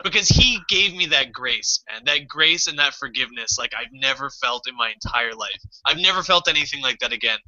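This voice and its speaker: Bright-voiced man telling a story, lo-fi. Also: mid-range voice, fairly quick, few pauses. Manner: animated, swearing, acts out his own past panic. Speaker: podcast co-host. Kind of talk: casual storytelling chat. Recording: dull lo-fi podcast audio.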